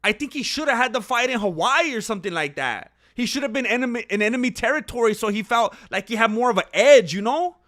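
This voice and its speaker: A man's voice: very high-pitched, fast, few pauses. A young man giving casual live reaction commentary on a fight, opinionated and talking straight to his viewers. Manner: opinionated, talks to viewers, gets loud when excited. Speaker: fight watch-along commentator.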